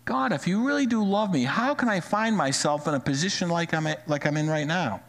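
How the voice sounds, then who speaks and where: A male pastor preaching a sermon to a live-streamed congregation, animated and repeating phrases for emphasis. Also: on the high side, a little fast. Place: church sanctuary, live-streamed. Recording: long hall reverb.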